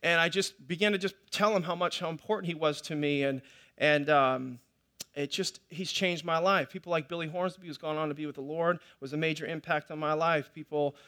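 Middle-aged male pastor, high bright voice, chatty sermon storyteller who often restarts. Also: fairly quick. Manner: conversational storytelling, with many restarts and repetitions.

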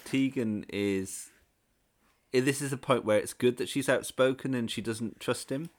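Thoughtful man co-host, even-toned, measured opinions. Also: mid-range voice. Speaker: podcast co-host. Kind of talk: casual chat.

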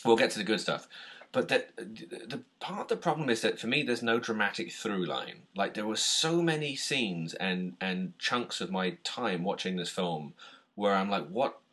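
A British man co-hosting a podcast, chatting casually about a film, animated, laughing often and restarting his sentences. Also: fairly low pitch, normal speed. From Britain. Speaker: podcast co-host.

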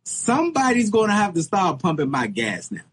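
A man with a very husky, rough voice co-hosts a comedy podcast. He talks loosely and tells animated stories. At the funny parts his voice leaps up into high exclamations. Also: moderate pace. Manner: animated, jumps into high-pitched exclamations when telling stories. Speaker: podcast co-host. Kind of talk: casual comedic storytelling.

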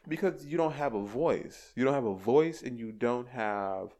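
A young man, a podcast guest, talking in an animated, rambling way with many restarts. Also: medium pitch, moderate pace. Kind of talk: casual chat.

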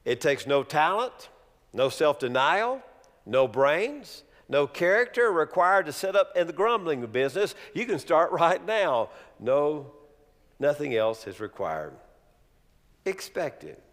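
A man's voice: a little high, unhurried. A man preaching a sermon, asking his congregation questions and mixing in jokes. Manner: animated, humorous preaching with rhetorical questions. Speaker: pastor. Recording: long reverb of a large hall.

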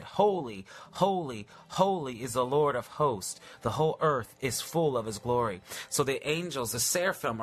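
A man preaching a live-streamed sermon, reading scripture aloud in a fervent, drawn-out way and often repeating his phrases. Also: medium pitch, a bit bright.

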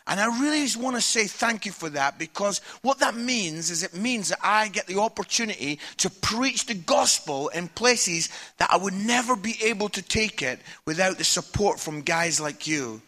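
A preacher in his forties speaks from a church stage with a high, bright, forceful voice. He tells stories candidly and with humour, animated throughout. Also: moderate pace, few pauses. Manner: candid, humorous, animated storytelling. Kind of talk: sermon with personal storytelling.

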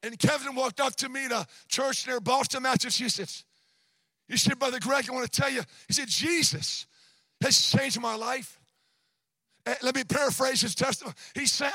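A man preaching a sermon in a shouting, sing-song cadence, repeating words as he tells a story. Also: very high-pitched, moderate pace, breathy edge, dry recording. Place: church.

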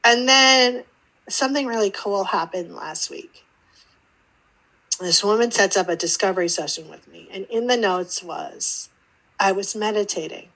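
A woman's voice: mid-range voice, unhurried, rough recording. A woman guest on an interview podcast, telling her story casually and acting out the voices in it. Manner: animated, acts out quoted dialogue. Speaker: podcast guest, intuitive teacher.

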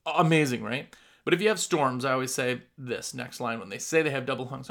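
A man's voice: medium pitch, fairly quick, gravelly, bright, forceful tone. A man with a Midwestern accent, giving plain-spoken, emphatic business advice in a casual coaching talk. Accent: Midwestern American. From Wisconsin. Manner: emphatic, plain-spoken, acts out customer dialogue. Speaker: window cleaning business owner giving advice.

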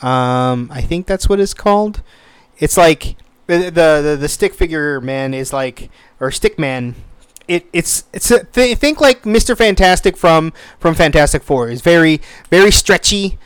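A man in his thirties tells a story casually and with animation, swearing as he goes. His voice sits a little high and sounds smooth and resonant. The recording is dry and close, with no room sound. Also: unhurried, dry recording. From United States. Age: 30s. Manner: animated, swears freely, acts out quoted voices.

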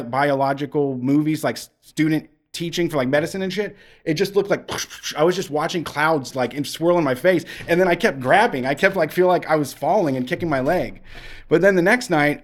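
Brief: male podcast co-host, slightly higher voice, profane and animated storyteller. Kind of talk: casual storytelling chat.

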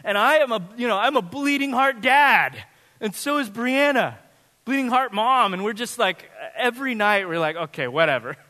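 A man in his thirties preaching a sermon as pastor, telling funny, animated family stories. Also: very high-pitched, normal speed, in a large hall. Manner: animated, humorous storytelling. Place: church sanctuary.

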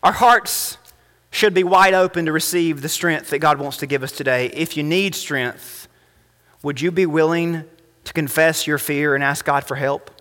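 A man's voice: on the high side, moderate pace. Impassioned preacher man in a reverberant church. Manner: impassioned, rising to emphatic peaks then dropping soft. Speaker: pastor. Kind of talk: sermon. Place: church sanctuary. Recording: long reverb of a church hall.

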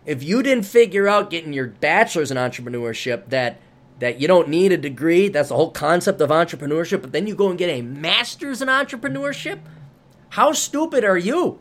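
A man's voice: on the high side, big pitch swings, a little fast, fairly bright tone. A man hosting his own podcast, talking alone in a ranting, scornful and sarcastic way. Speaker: podcast host. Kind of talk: opinionated solo podcast monologue.

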